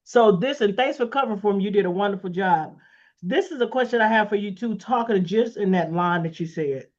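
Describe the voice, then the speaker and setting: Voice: medium pitch, fairly quick. An interview host who asks questions and gives encouraging affirmations. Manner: encouraging, frequent backchannel affirmations. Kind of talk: conversational interview. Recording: muffled lo-fi audio.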